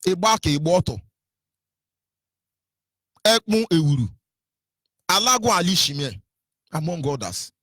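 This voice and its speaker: Impassioned Nigerian man, husky voice. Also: a little high, fairly bright tone, no echo. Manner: scolding, repeats rhetorical questions, stumbles with fillers. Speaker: radio commentator. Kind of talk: impassioned radio commentary.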